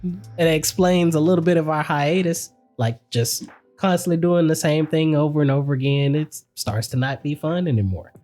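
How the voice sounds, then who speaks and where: A woman co-hosting a podcast in casual chat, relaxed and opinionated, with "like" dropped in often. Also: low voice, moderate pace, faint music behind. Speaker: podcast co-host. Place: home recording setup.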